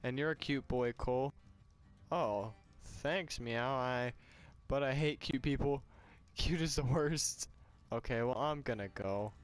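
A man's voice: mid-range voice, unhurried, clean tone. A young man playing a game and reading its dialogue aloud with casual, sweary commentary, on a glitchy home mic. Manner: casual, swearing, laughing, putting on voices for the game's characters. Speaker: let's player.

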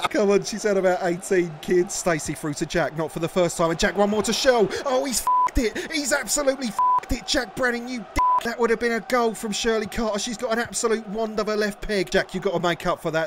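A man commentating his own football video game match, excitable and jokey, swearing often. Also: high-pitched, normal speed, noisy background. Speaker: gaming commentator.

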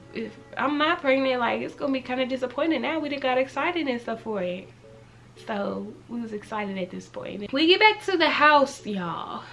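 A woman in her twenties telling a personal story in a casual, chatty way, full of "like" and repeats. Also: medium pitch. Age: 20s. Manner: animated, chatty, heavy use of "like". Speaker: vlogger.

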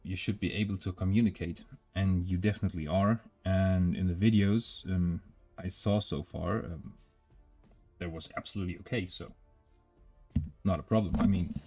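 German man, native German speaker with a German accent, lowish voice, relaxed hesitant hobby-stream chat. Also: moderate pace, faint music behind. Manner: hesitant, many filler sounds. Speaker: miniature painting streamer. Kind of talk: casual chat while painting.

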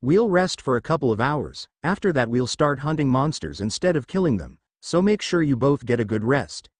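A man voicing a calm, composed young male tracker in a fan story reading. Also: medium pitch, normal speed, dry recording.

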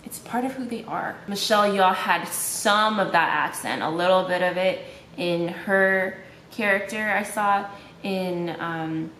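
A woman's voice: medium pitch, a little slow, fairly bright tone, a little hiss or hum. A young woman from Malaysia chatting casually in a vlog, with lots of "like" fillers. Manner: chatty, heavy use of "like" fillers. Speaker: vlogger. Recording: echoey room with faint ambience.

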